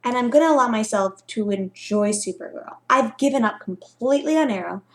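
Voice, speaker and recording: A woman's voice: fairly high pitch, expressive, a little fast. A young woman vlogging her reaction, rambling and fretful, now and then dropping into whispered asides. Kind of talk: casual reaction vlog.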